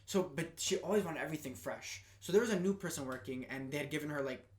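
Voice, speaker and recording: A young man, a podcast guest, telling stories in a casual and animated way. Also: fairly high pitch, quick pace. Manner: animated, laughing storyteller. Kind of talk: casual storytelling.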